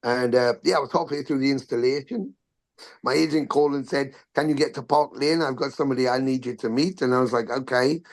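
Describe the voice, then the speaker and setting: A middle-aged man, a podcast guest telling stories in a casual, animated way, swearing freely and acting out quotes. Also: mid-range voice, a little fast. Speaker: podcast guest, musician and actor. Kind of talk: casual storytelling interview.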